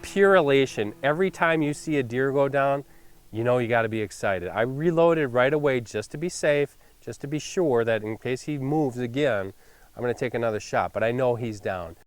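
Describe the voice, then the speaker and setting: A man's voice: medium pitch, expressive, moderate pace, smooth. A man hosting a hunting show, looking back on the hunt in conversational commentary, enthusiastic and full of "you know"s. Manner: enthusiastic, conversational, filler-heavy. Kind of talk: reflective interview-style commentary.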